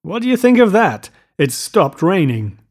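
A man's voice: high voice, sing-song, normal speed, a little mellow, pitched above the performer's own voice, full character voice. Eager, boastful rich young man voiced by a male reader, showy and a little anxious, storybook reading. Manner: eager, boastful, keeps saying "old sport".

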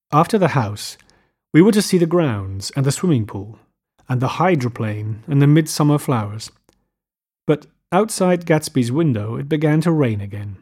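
A man reading literary fiction aloud as an audiobook narrator, measured and unhurried. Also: on the high side, darkish tone, husky.

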